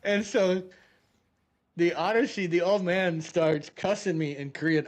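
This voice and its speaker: A middle-aged man chats while he plays a game, telling a long story in an animated way. His voice sits a little higher than most men's, and he breaks into laughter often. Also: unhurried. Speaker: game streamer. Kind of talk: casual storytelling while gaming.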